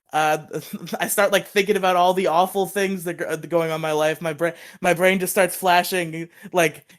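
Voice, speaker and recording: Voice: mid-range voice, fairly bright tone. A young podcast co-host under twenty-one, telling a rambling personal story in casual chat, swearing freely and laughing often.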